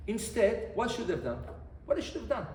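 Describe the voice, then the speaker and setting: A man, a rabbi, giving an animated Torah lesson, repeating phrases and quizzing his listeners. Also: high-pitched, fairly quick. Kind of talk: Torah lesson to a live group. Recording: echoey room, faint background noise.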